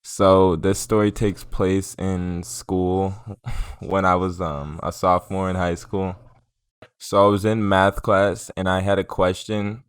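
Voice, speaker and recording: A man's voice: low-pitched, little pitch movement, slow, clear, resonant tone, no room sound. A young man telling a story in a casual, rambling way, swearing and filling it with "like" and "um". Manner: rambling, profane, filler-heavy. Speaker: vlogger.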